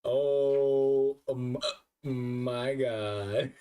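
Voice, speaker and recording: A man's voice: mid-range voice, fairly even intonation, very slow, mellow, smooth, distant mic. A drunk man who keeps hiccuping, chatting casually on a live stream, swearing a lot and laughing at himself.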